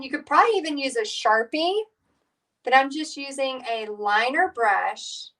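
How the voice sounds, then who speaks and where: A middle-aged woman talks her viewers through a painting lesson, rambling from one story to the next with plenty of "um" and "you know". Her voice sits a little high for a woman. She sounds a bit back from the microphone. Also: far from the mic, poor audio. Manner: chatty, rambling, warm storytelling with fillers. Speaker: painting instructor. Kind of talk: live painting tutorial chat.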